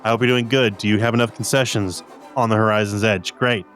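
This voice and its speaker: A man's voice: lowish voice, steady tone, fast talker, a bit bright, faint music behind, lightly acted. A man doing a chummy, rambling male ambassador. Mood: friendly. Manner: friendly, rambling, stumbles over words.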